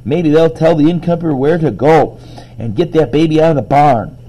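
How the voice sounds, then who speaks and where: A man reading aloud, voicing a bossy tough little girl who is loud and indignant, pitched well above his own voice. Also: normal speed, natural voice, rough recording.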